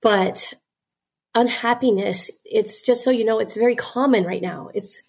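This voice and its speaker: A woman's voice: fairly high pitch, unhurried, a little mellow, slightly rough. A woman guest and business owner telling her story earnestly, with frequent "you know" fillers. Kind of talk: candid interview storytelling.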